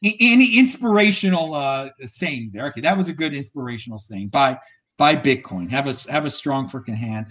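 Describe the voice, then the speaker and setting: Animated joking male podcast host. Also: medium pitch, normal speed. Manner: joking, animated, many restarts. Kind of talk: casual podcast chat.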